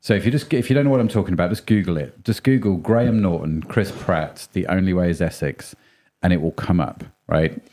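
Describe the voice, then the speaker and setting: A chatty man co-hosting a podcast, rambling and playful. His voice sits very low and sounds mellow and warm. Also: fairly quick. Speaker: podcast co-host. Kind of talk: casual chat.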